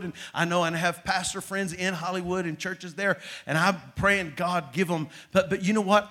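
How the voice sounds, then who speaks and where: A middle-aged male pastor delivers a sermon with a slightly high voice. He swings from loud, emphatic declarations down to low, hushed asides, with a conversational feel throughout.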